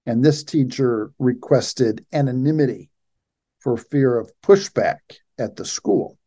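A man's voice: mid-range voice, slow, dark tone. A man hosting a show, reading out a news article and mocking it with sarcastic commentary. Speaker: show host.

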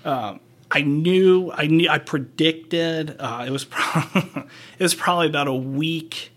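A man's voice: fairly high pitch, unhurried, a bit bright. A man, a medic guest on a podcast, telling a blunt, profane story in casual conversation.

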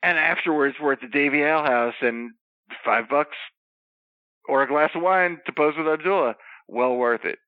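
Animated, profane storytelling man. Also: on the high side, moderate pace, no room sound. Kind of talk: casual storytelling chat. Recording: slightly dull, dry sound.

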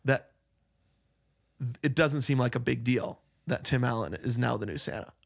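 A man's voice: medium pitch, normal speed, creaky. A man co-hosting a podcast, chatting casually about a movie and laughing often. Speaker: podcast co-host. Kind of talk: casual movie-review chat.

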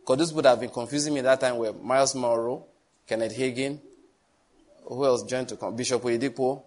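A man's voice: medium pitch, brisk, long pauses, a little mellow. A middle-aged man, a pastor giving an earnest sermon-style testimony with chuckles and repeated phrases. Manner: storytelling, earnest, with chuckles and repetitions. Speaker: pastor teaching on prayer.

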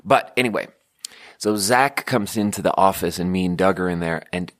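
Man, 30s, comedic podcast host, rambling and sarcastic, slightly low voice. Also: moderate pace, a bit bright, dry recording. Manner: rambling, sarcastic, self-interrupting. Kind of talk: rambling comedic storytelling monologue.

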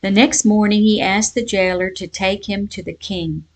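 A woman giving a devotional Bible lesson and reading a folk tale aloud in a measured storytelling voice. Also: medium pitch, steady tone. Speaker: Bible teacher.

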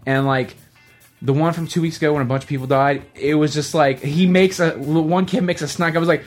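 A man hosting a casual podcast, talking in a rambling, animated way with many restarts. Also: on the high side, brisk, soft background music. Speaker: podcast host.

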